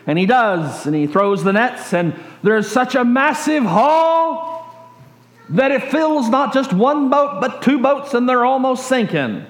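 A male pastor preaching a sermon as a lively story, stringing his sentences together with "and" as the excitement builds. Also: very high-pitched, unhurried. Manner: animated, builds excitement in long chains of "and". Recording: roomy echo.

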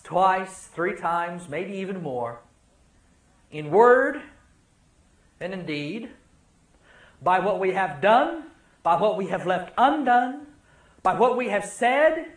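A man's voice: high voice, reverberant. A man preaching a sermon as a pastor in a church, with dramatic delivery and emphatic repetition.

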